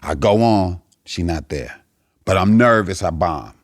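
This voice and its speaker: A man guesting on a podcast as a comedian, telling stories in an animated, profane way and acting out the people in them. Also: low-pitched, measured pace, no room sound, studio quality. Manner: animated, profane, acts out the characters in his stories. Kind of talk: storytelling in a podcast chat.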